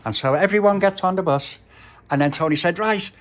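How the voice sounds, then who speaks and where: A man's voice: high-pitched, fairly quick, a bit bright. A man telling a story with toys in a chatty, chuckling way. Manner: chatty, chuckling between lines. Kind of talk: toy storytelling.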